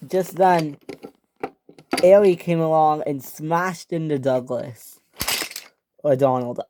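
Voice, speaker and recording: With slow pace and fairly even intonation, this storyteller recounts a toy train story, often starting over and correcting himself. He voices the characters higher and louder, and there's background noise.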